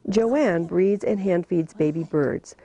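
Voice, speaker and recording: Brief: a woman narrator with a low, gravelly voice and an instructive delivery, over a noisy recording. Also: warm tone. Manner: measured and instructive. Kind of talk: scripted documentary narration. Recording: noisy recording with clear hiss.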